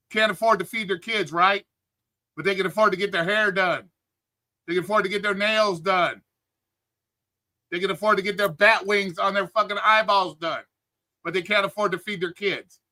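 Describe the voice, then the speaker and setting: A man's voice: high voice, pushed and bright. A man hosting a live stream, delivering an angry, profane political rant and greeting chat viewers by name. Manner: angry, heated, swearing constantly. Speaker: livestream host.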